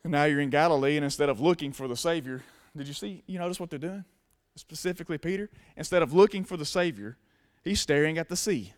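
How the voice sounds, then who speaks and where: A man's voice: a little high, fast talker. A man preaching a sermon to a congregation, emphatic and casual. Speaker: pastor.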